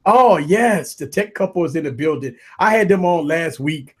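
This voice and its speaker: Male tech livestream host, husky, upbeat and repetitive. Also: on the high side, normal speed. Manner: hype, repetitive shout-outs, animated. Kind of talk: casual livestream chat.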